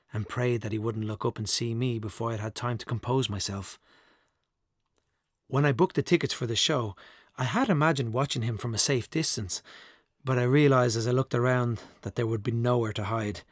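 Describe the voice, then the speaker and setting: A man narrating an audiobook in a measured, reflective first-person voice. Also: medium pitch, no echo, clean studio sound. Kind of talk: scripted narration.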